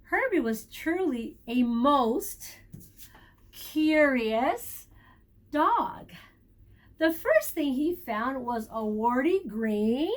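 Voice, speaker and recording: Woman teacher, storybook read-aloud, high lively voice, slow unhurried delivery. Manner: warm, animated storytelling with questions to children. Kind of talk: reading a picture book aloud to children.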